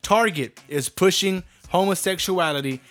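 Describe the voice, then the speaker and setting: A man's voice: sits high, moderate pace, a bit bright, faint music behind. A man delivering a brash, profane comedic rant monologue.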